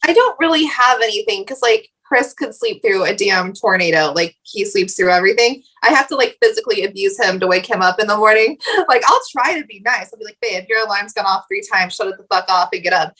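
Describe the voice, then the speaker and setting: A woman's voice: mid-range voice, animated, fairly quick, few pauses, pushed and bright. A woman on a casual podcast panel, blunt and profane, with laughing asides. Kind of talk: casual roundtable chat.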